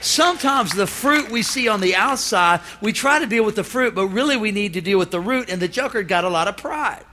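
Bright-voiced animated man preaching. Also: high-pitched, a little fast, hardly any pauses. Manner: animated, comedic preaching with call-and-response. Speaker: pastor. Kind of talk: sermon. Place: church hall with congregation.

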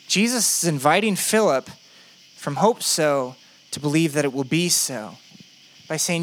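A man's voice: a little high, animated, measured pace, fairly bright tone. A man preaching a conversational sermon, full of rhetorical questions. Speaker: pastor.

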